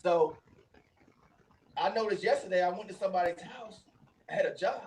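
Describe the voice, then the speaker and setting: A man co-hosting a casual talk show, telling animated stories and laughing often. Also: sits high, moderate pace, recorded from a distance, low-quality recording. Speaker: co-host. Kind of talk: casual chat.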